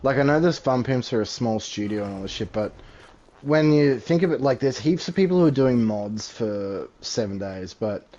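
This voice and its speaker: A man's voice: animated, normal speed, dark tone. A young man swearing freely in casual chat while playing a game. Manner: crude, slangy, swears a lot. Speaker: gamer. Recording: dull low-fi home mic.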